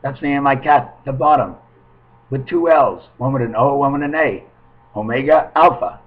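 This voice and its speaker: A man's voice: medium pitch, normal speed. A man at home talks straight into his webcam, drifting from one pun to the next in a loose, sing-song ramble. His voice sits in an ordinary middle register. The audio is muffled and lo-fi, like a cheap built-in microphone. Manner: free-associating wordplay, sing-song asides.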